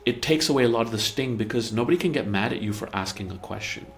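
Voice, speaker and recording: A man's voice: mid-range voice, animated, fast, a little hiss or hum. A man explaining relationship communication in a conversational way, often stumbling over repeated words and acting out example dialogue. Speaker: therapy practice head explaining relationships.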